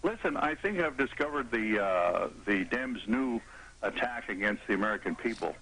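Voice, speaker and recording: Husky, bright-toned male caller. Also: fairly low pitch, animated, normal speed, low-quality recording. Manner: agitated, argumentative. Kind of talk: political call-in.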